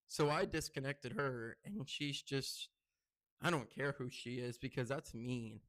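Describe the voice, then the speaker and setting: A man's voice: medium pitch, a little slow, a bit bright. A young man vlogging straight to camera about his own channel. He talks in a loose, rambling way, full of "like" and restarts, and keeps working himself up into an indignant rant. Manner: rambling and heated, heavy use of "like". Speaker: content creator. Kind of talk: casual vlog rant to camera.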